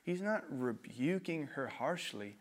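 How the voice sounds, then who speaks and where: Male pastor, sermon, lively pitch, chatty, self-deprecating. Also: takes it slowly. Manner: animated, conversational, self-deprecating.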